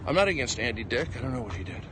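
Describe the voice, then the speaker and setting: A man's voice: medium pitch, rapid-fire, a little hiss or hum. A man, a stand-up comedian, rambling emphatically in a livestream monologue as he walks outdoors. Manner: excitable, emphatic, jumping between topics. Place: outdoors on a walk. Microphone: phone.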